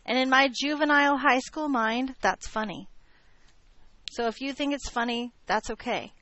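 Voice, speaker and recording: A woman's voice: high-pitched, normal speed, pushed and bright, dry recording, highs cut off. A woman teaching a math class, joking with her students as she lectures.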